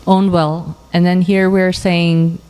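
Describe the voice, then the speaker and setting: A woman's voice: fairly low pitch, flat delivery, takes it slowly, darkish tone, clear, resonant tone, big-room sound, rough recording. A woman in the audience asking a hesitant question with fillers.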